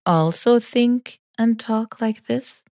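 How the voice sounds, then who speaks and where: A woman delivering a scripted spiritual sermon in a slow, measured and earnest way. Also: on the high side, a little mellow, no echo, clean studio sound. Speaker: preacher.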